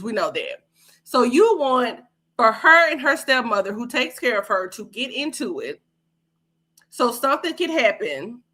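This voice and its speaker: Brief: a woman host with a bright, forceful voice, sassy and profane, chatting live. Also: fairly high pitch. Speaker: podcast host. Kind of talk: casual livestream commentary.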